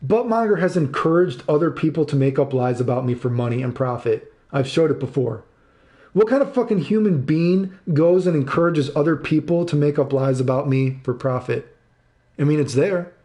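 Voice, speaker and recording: Man in his thirties, angry profane rant, mellow warm voice, slightly high pitch, live-stream chat. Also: normal speed. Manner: angry, profane, repeats himself.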